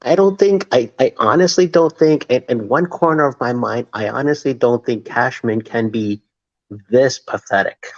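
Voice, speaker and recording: A man on a sports livestream, sarcastic, stretching his stories out slowly. His pitch is ordinary. His audio comes through dull and lo-fi, like a weak stream feed. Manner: sarcastic, drawn-out storytelling. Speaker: co-host. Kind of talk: casual sports call-in chat.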